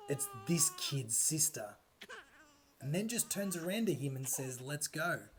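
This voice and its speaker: A man's voice: fairly high pitch, slightly rough. A man narrating a horror story in a loose, conversational way, full of fillers and asides.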